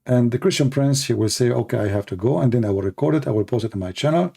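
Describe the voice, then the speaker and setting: A man with a mellow, darker voice hosting a livestream. He rants in a sarcastic, mocking tone, often slipping into jeering impressions of others. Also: medium pitch, animated, quick pace, creaky. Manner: mocking, sarcastic, acts out opponents. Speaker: livestream debate host. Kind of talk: casual livestream rant.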